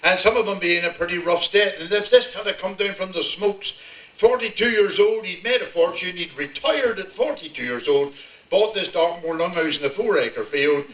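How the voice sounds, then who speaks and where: A man's voice: high voice, normal speed. Older West Country man spinning a yarn. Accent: West Country English. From Devon, England. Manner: broad rural yarn-spinning, chuckling as he tells it. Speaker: storyteller. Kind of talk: humorous dialect storytelling. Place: village hall, live audience. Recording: echoey hall, distant mic, dull sound.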